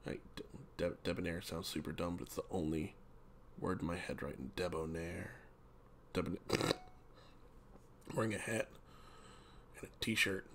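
Man, deep voice, gravelly, casual self-mocking vlog ramble, close mic. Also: normal speed, pauses often, fairly bright tone, a little hiss or hum. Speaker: vlogger. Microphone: desk mic up close.

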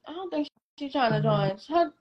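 Young woman, high voice, casual live-stream storytelling, emphatic, animated. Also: normal speed, highs cut off, a crowd in the background. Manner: animated, emphatic, acts out what others said. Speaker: guest.

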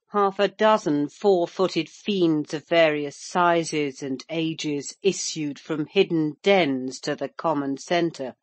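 Brief: unhurried narrator for a classic novel, formal and measured, dry close recording. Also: mid-range voice, dry recording. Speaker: audiobook narrator.

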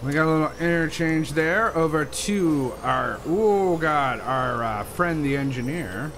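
A man giving casual, sarcastic let's-play commentary, animated and swearing often. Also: fairly high pitch, measured pace, noisy background. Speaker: gaming video host.

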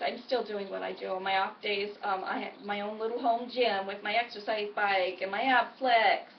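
A cheerful woman chats in a high, bright-toned voice, encouraging viewers like a friend. She is recorded at home in an echoey room, a little away from the mic. The sound is somewhat dull and muffled. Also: distant mic, a little hiss or hum. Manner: upbeat, chatty, encouraging. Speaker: weight-loss vlogger. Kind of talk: casual chatty vlog.

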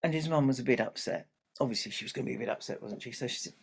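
A man's voice: medium pitch, racing, gravelly, husky. A man telling a story to a family audience, chatty, with asides to the listeners.

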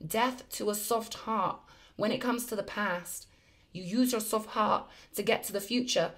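A woman talks her viewers through a spiritual tarot reading. She sounds effusive and emphatic, with a chatty, mid-pitched voice that keeps pressing each point home. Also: fairly even intonation, normal speed, fairly bright tone. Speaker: tarot reader.

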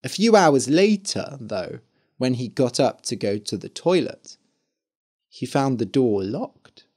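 Male narrator for a learner story: slow, clear, lively intonation. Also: mid-range voice.

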